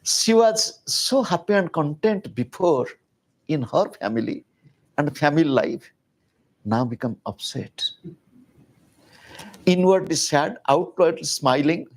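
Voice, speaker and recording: A man giving a public spiritual talk, telling a story in an animated, conversational way with casual asides. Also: a little high, slow, pauses often. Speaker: spiritual teacher.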